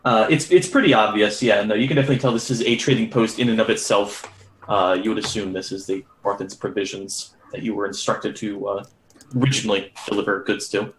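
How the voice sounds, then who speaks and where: A man narrates a tabletop game as game master in a relaxed, halting way. His voice sits low and carries a roomy echo. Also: slight background noise. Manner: relaxed, hesitant with fillers.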